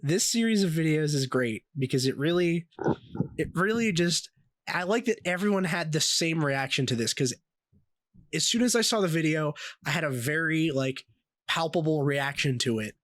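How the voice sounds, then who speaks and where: A young man co-hosting a podcast, telling stories in a casual, animated way with plenty of swearing and laughter. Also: on the high side, normal speed, no echo. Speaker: podcast co-host.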